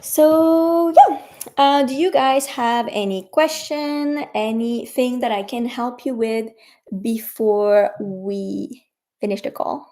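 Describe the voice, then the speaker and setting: French-accented woman, French coach on a livestream, unhurried and chatty. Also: on the high side, warm tone. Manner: chatty, encouraging, addresses viewers directly. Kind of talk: casual livestream teaching.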